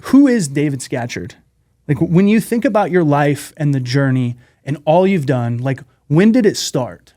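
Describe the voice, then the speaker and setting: A man's voice: on the high side, lively intonation, normal speed, warm tone. A man hosting a podcast, chatting casually and encouraging his guest. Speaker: podcast host. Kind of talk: casual interview chat.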